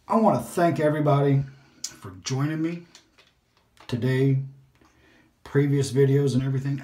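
Rambling man in an echoey bathroom. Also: medium pitch. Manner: relaxed, rambling, self-talk while shaving. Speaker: shaving video host. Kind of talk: casual shaving vlog chat. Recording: echoey room.

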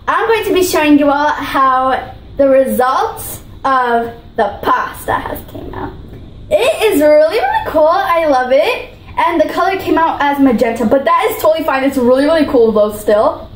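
Bubbly female vlogger, high voice, gushing and repetitive, echoey room, faint background hiss. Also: lively intonation, unhurried. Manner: bubbly, gushing, repeats herself. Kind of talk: food challenge vlog.

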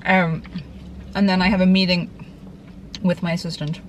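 A woman's voice: lowish voice, little pitch movement, normal speed, a little hiss or hum, rough recording. An Irish woman chatting casually to camera from her car, rambling and self-deprecating. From Ireland. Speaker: vlogger. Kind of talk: casual vlog chat. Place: in a parked car.

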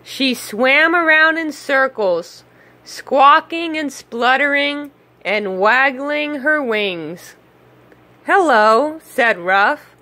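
A woman reading a children's storybook aloud in an expressive, unhurried way. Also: high-pitched. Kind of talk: read-aloud storybook narration.

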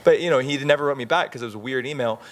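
A man speaking on a conference panel in a casual, animated way, with frequent restarts and fillers. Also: medium pitch, very fast.

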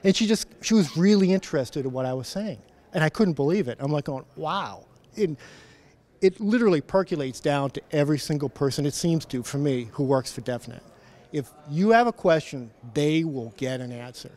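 A middle-aged man, a principal engineer at a conference, telling an animated story and acting out the dialogue. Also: on the high side, fairly quick. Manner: animated anecdote-telling, acts out quoted dialogue. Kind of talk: storytelling in an event interview. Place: conference floor.

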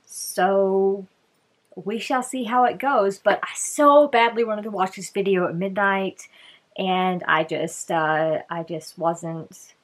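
A woman's voice: mid-range voice, slow pace. Chatty woman reacting on camera. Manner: chatty, thinks aloud, restarts and trails off. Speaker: reaction video host. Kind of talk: casual reaction commentary.

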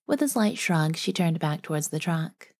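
Low-pitched female narrator for first-person audiobook, steady storytelling. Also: normal speed.

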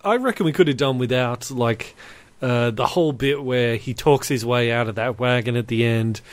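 A man's voice: medium pitch, normal speed, no room sound. Loose, laughing man, dry close sound. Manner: laughing, loose, says "like" a lot. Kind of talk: casual chat.

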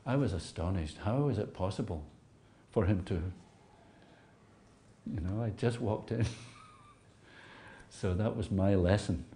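Man, low mellow voice, reflective storyteller, hesitant repeats, soft asides. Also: measured pace, long pauses, slight background noise. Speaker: interviewee recalling memories.

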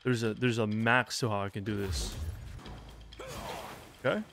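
A young man casually commentating a game as he plays, excitable and swearing, with shouted reactions. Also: lowish voice, a little slow, gravelly, a little hiss or hum. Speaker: gaming streamer. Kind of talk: let's play commentary. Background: game music.

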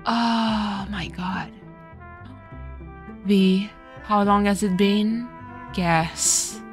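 A woman's voice: mid-range voice, fairly even intonation, extremely slow, faint music behind. A woman streamer giving casual let's-play commentary, reading the game's text aloud and then getting tearful and swearing.

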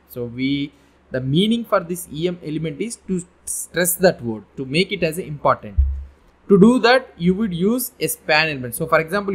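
A man's voice: on the high side, a bit bright. A man giving a coding tutorial, explaining in an informal, meandering way with frequent restarts and repetitions. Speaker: web development instructor. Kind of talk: coding tutorial, screen-share lesson.

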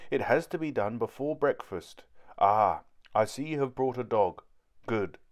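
A man's voice: mid-range voice, expressive, a little slow, natural voice. A man reading a storybook aloud, voicing a strict housekeeper who scolds the children. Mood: stern. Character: stern older woman housekeeper.

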